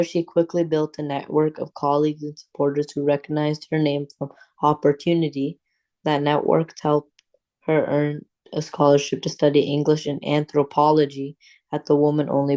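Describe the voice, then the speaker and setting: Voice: medium pitch, completely flat delivery, normal speed, darkish tone. A student reading a passage aloud steadily and carefully, with little stress on individual words.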